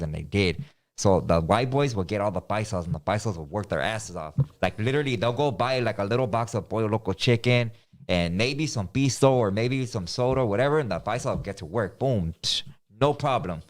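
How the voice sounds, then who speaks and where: A man's voice: lowish voice, expressive, brisk. A man in casual chat, telling a story full of profanity and acted-out quotes.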